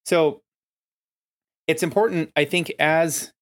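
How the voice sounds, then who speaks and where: A man's voice: fairly high pitch, takes it slowly. A man hosting a solo podcast, explaining ideas in a casual way with lots of filler words. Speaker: podcast host.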